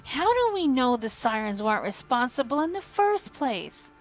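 A woman voicing a pompous, spiteful old male archmage who shouts indignantly. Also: on the high side, animated, measured pace. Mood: outraged.

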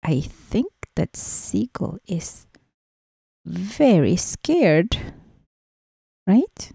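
A woman's voice: on the low side, big pitch swings, drawn-out words, vocal fry, dark tone, breathy edge, no echo, studio quality. A woman teacher reading a picture book aloud to children, coaxing them with little questions. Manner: questioning, coaxing, slips into asides.

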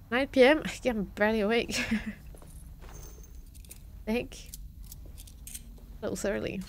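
A woman's voice: a little high, slow pace, gravelly, pauses often. A woman streamer chatting casually and reacting aloud as she plays a game live. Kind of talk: live gameplay commentary.

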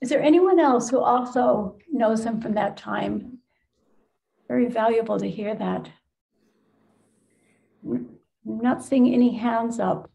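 Gravelly, warm-voiced woman on a call. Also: fairly high pitch, takes it slowly, pauses often, rough recording. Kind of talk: moderating a video call. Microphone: video call microphone.

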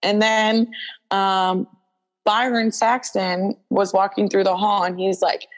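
A young adult woman, a wrestler as interview guest, telling a story in animated casual talk, acting out quoted dialogue with lots of "like" fillers. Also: mid-range voice, takes it slowly, low-quality recording.

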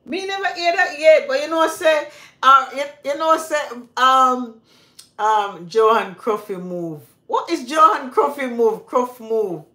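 A woman's voice: high voice, lively intonation, takes it slowly, sharp tone. An older woman with a Jamaican accent, chatting casually to livestream viewers as a cooking channel host, telling rambling stories in patois. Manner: chatty storyteller, switches into patois, rambling asides. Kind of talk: casual chat with live viewers. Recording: echoey room.

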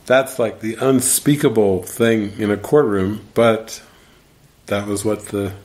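Man, low voice, spiritual teacher, relaxed commentary, laughs while telling stories. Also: slow. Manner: animated storyteller, laughs while retelling.

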